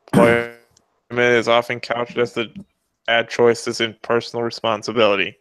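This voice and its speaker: A man with a smooth, clean voice reads articles aloud on a podcast and adds deadpan, sarcastic remarks. The sound is dry and close. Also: medium pitch, normal speed, dry recording. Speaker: podcast host reading articles. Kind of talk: casual commentary.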